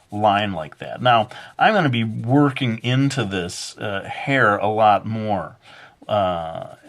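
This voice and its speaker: A man narrating a drawing tutorial in a halting, easygoing way, with many filler words and light jokes. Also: fairly low pitch, gravelly. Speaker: drawing instructor.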